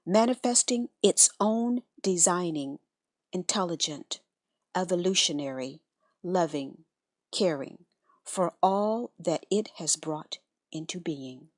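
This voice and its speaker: A woman reads devotional text in an unhurried, reverent cadence, her voice sitting a little low. The sound is close and dry, with no room around it. Her delivery stays calm and measured throughout. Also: dry recording. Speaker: reader of spiritual letters. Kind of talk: scripted devotional reading.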